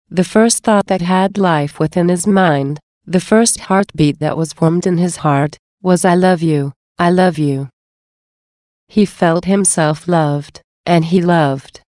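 A tender, solemn divine man speaks in an earnest devotional reading, with a woman reading his words. The voice sits low and mellow. It is recorded close and dry. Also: dry recording, lightly acted.

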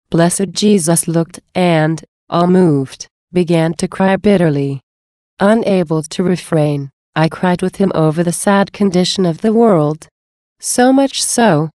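A woman reads a devotional diary aloud in a measured, earnest manner. Her voice sits low and mellow, and the recording is close and dry. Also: no room sound.

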